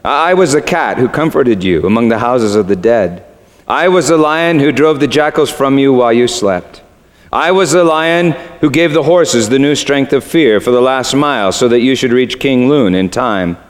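A man voicing a vast, gentle male lion, speaking slowly and gravely. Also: natural voice. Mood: solemn. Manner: slow, low and grave. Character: vast, calm, deep-voiced male lion, solemn and gentle. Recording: echoey hall.

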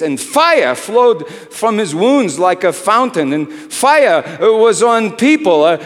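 An actor playing aged Simeon in a dramatic first-person monologue, impassioned and rising to shouts. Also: male voice, high voice. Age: older. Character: aged devout man, weary then awestruck. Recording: reverberant hall.

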